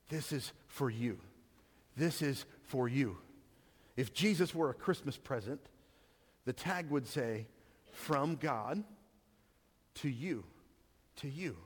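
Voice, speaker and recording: Man preaching in a reverberant hall. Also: fairly high pitch. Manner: conversational preaching with repeated restarts and rhetorical questions. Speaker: pastor. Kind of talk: sermon.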